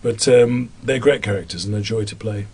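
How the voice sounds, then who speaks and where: Over loud background music, a man talks a little fast in a lowish voice, giving interview answers about his voice acting work. His accent is Black Country, from the English Midlands, and he's chatty, often laughing at himself.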